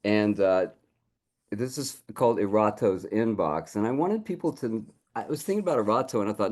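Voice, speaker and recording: Playful poet with a lively voice. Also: male voice, on the low side. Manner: rambling and playful, slow dramatic recital. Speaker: poet reading his work. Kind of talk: casual chat and poetry reading. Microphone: video call.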